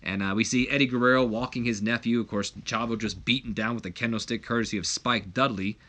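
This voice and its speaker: A man's voice: medium pitch, fairly even intonation, fast talker, bright, forceful tone. A man casually narrating and recapping a wrestling management game, chatty and full of fillers. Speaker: video game commentator.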